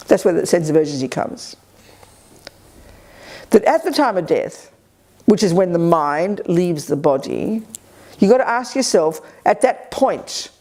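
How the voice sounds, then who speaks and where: An energetic woman teaches a Buddhist retreat group, blunt and sharp, tossing in quick colloquial asides. Her voice sits a little low and has a dark, mellow tone. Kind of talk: dharma teaching to a live group. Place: retreat center hall.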